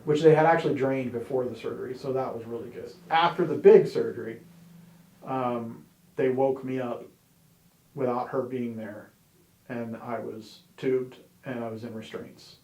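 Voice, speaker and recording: A man's voice: mid-range voice, darkish tone. A man sharing his personal testimony in a candid, conversational way, with wry humor and plenty of "you know"s. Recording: roomy echo.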